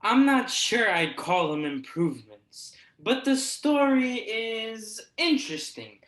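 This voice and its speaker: A woman's voice: fairly high pitch, very animated, slow, a bit bright, reverberant, heavily acted. A young woman playing a dry, skeptical king in a stage comedy. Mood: wry. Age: young adult. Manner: dry, wry.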